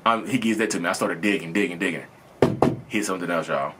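A man's voice: sits low, fast talker, a bit bright, slight background noise. A man in his thirties talking casually and earnestly to his viewers, rambling and repeating phrases as he tells his own story. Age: 30s. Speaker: video host sharing his own experience. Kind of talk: casual personal monologue.

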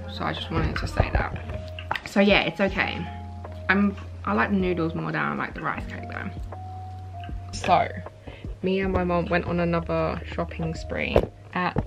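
Soft-voiced slow-talking young woman vlogger. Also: fairly low pitch, gravelly. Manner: chatty, easily moved, fond with her pet. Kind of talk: casual vlog chat. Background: background music.

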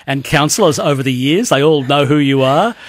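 A man's voice: a little high, fairly quick, no room sound. An Australian man hosting a radio interview, probing with prompting questions. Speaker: radio host.

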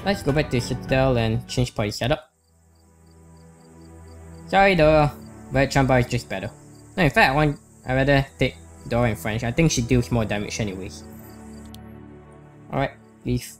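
A man hosts a let's play, reading story text and commenting casually on his choices. He hesitates often and fills pauses with ums. Faint music plays under his voice. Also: mid-range voice.

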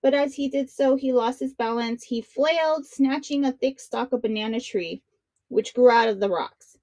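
A woman reading a children's picture book aloud with expressive, dramatic narration. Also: high-pitched, normal speed, no room sound. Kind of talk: read-aloud storytelling for children.

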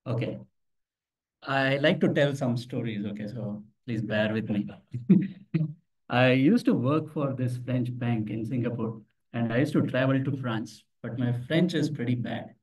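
A man presents a live tech demo at a meetup, his voice in the middle pitch range. He talks casually, tells stories and puts questions to the audience. The voice comes from some distance off the microphone in an office meeting room. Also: unhurried, darkish tone. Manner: conversational, tells anecdotes, asks the audience questions. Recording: voice from far off the mic.

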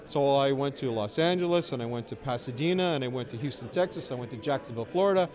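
A man's voice: mid-range voice, fast talker, a crowd in the background. A middle-aged man in a casual interview, telling stories in a chatty, wry and self-deprecating way. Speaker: interviewee, filmmaker. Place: outdoors at a festival.

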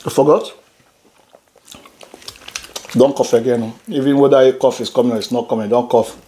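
With slight background noise behind him, this dad and channel host talks in a mid-range, dark-toned voice with fairly even intonation and moderate pace. He eats on camera at home in a casual family mukbang, teasing his daughter and laughing a lot.

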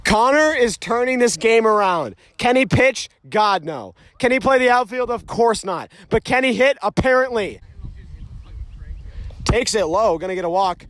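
A man's voice: high-pitched, normal speed. Joking young man calling a backyard game. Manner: joking, excitable, shouts on big hits. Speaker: play-by-play commentator. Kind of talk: casual amateur sports commentary. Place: outdoors at a backyard ball field.

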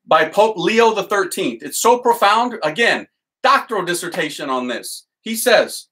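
A man, a priest, teaching with excited enthusiasm and leading a chanted litany. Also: fairly high pitch, brisk, rough recording.

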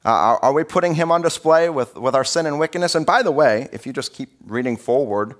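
A man preaching a sermon as pastor in a church, in a conversational, animated storytelling way. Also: a little high, brisk. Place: church sanctuary.

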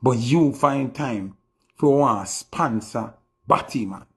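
Gravelly Jamaican man making threats. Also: mid-range voice, slow pace. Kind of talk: live-stream rant.

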